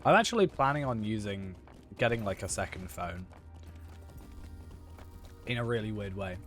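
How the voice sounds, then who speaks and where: Rambling young man, slightly hoarse. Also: on the low side, expressive, moderate pace, fairly bright tone, soft background music. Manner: rambling, filler-heavy, self-correcting. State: hoarse after losing his voice. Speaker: streamer. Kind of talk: casual chat while gaming.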